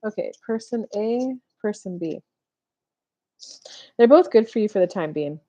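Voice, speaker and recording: A woman's voice: medium pitch, expressive, a little slow, mellow. A woman in her thirties giving a casual live-stream tarot reading, chatty, full of "like", acting out little made-up dialogues as she talks. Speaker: tarot reader.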